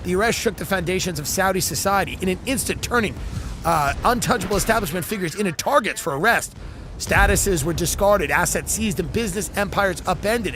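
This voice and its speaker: High, lively sarcastic comedy host. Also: male voice, noisy background. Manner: sarcastic, jumps between reading and joking asides. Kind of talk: comedic riffing while reading a news article.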